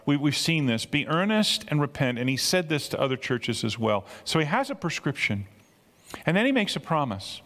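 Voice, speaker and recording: A man's voice: on the high side, sing-song, normal speed, a bit bright, in a large hall. An older man preaching a sermon in a conversational way, often repeating words and building to emphatic peaks. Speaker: pastor.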